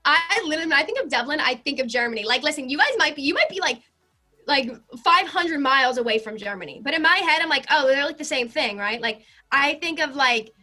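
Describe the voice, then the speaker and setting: A young American woman chatting as a podcast guest, bubbly and rapid, with constant "like" fillers. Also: sits high, lively intonation, sharp tone. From United States. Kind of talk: casual chat.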